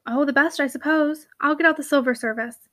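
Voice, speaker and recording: Woman reading a weary young hostess, earnest, sighing, high and quick. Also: a bit bright. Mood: anxious.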